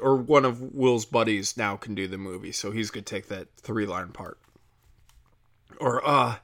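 A man's voice: medium pitch, fairly bright tone. A young man doing a profane, heated ranting monologue as a comedian podcast host, slipping into mocking quoted voices.

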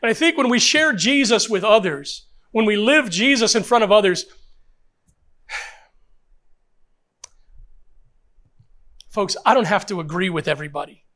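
A man's voice: high voice, lively intonation, slow pace, pauses often, fairly bright tone. An older man, a pastor, preaching a sermon with emphatic rhetorical questions and repetition.

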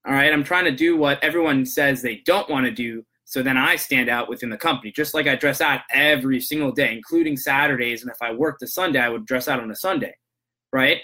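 In his podcast's casual monologue, a male host rambles through work-call stories, restarting often before shifting into an earnest, motivational tone. He speaks briskly in a medium-pitched voice that's bright and forceful.

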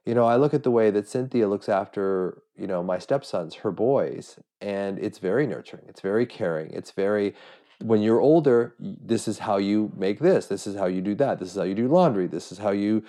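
Man, middle-aged, low pitch, earnest self-searching monologue, stops and restarts. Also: moderate pace, mellow. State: has a cold. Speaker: podcast host. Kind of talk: reflective solo podcast monologue.

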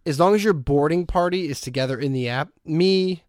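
Animated storytelling man, slightly high voice. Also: fairly quick, no room sound, studio quality. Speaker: podcast host. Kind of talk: casual storytelling chat.

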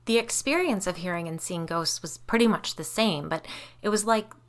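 A woman's voice: on the low side, normal speed. A woman giving wry, conversational first-person audiobook narration.

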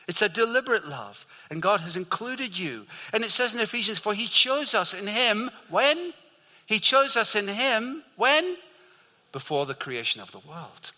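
Older male pastor, earnest sermon delivery, lightly raised pitch, hall reverb. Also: sharp tone. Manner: earnest, repeats key phrases for emphasis. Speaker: preacher.

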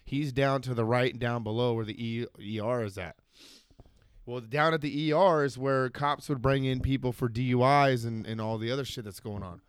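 A man co-hosting a podcast, telling a story in a casual, animated way, swearing often and acting out the voices of the people in it. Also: medium pitch, normal speed, clean tone, dry recording. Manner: animated, swearing, acts out voices when excited. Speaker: podcast co-host.

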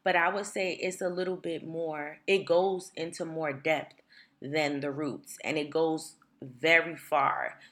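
A woman in her thirties hosting a solo podcast in casual chat, her voice rough from just waking up, talking in a rambling way with lots of fillers. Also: deep voice, steady tone, unhurried, a bit bright. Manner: chatty, rambling with many fillers. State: raspy morning voice, just woken up. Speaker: podcast host.

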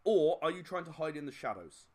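A man's voice: on the high side, big pitch swings, brisk, darkish tone. A man running a tabletop game as game master, narrating in a rambling style with frequent fillers and chuckles.

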